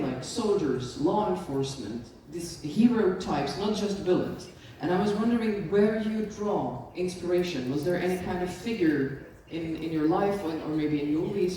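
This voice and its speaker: High, mellow-voiced male moderator. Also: recorded from a distance, a little hiss or hum. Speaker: panel moderator. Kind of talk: convention panel Q&A. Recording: echoey hall, heard from afar.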